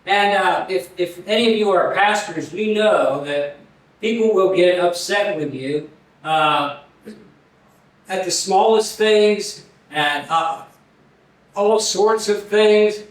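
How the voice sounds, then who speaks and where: An older man preaching a sermon in an earnest, halting way, often restarting his words. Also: sits high. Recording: very echoey, voice from far off the mic.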